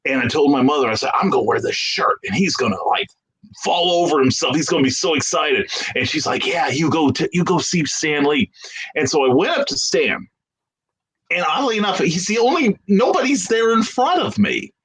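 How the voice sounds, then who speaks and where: Animated middle-aged man telling stories. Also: on the high side, normal speed, breathy edge, low-quality recording. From United States. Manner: animated anecdotal storyteller, acts out quoted voices. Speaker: guest. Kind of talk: casual storytelling interview.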